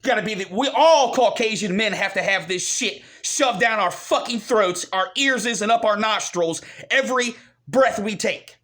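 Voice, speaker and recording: Vlogger, male, fairly high voice, heated and profane, repeats his points. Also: bright, forceful tone. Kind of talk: angry rant to camera.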